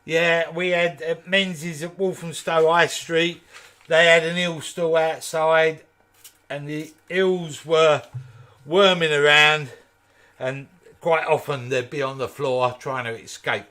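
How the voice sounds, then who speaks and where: Slow and fairly even in intonation, the voice sits on the high side and carries a bright, forceful tone. It belongs to a man from East London with a Kent accent who hosts woodturning videos, chatting, joking and answering viewers' comments while demonstrating live.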